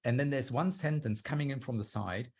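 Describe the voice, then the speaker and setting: A man's voice: mid-range voice, fairly quick, darkish tone, breathy edge. A man giving a talk on storytelling over a video call, explaining step by step and acting out quoted lines. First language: German. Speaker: guest speaker on storytelling.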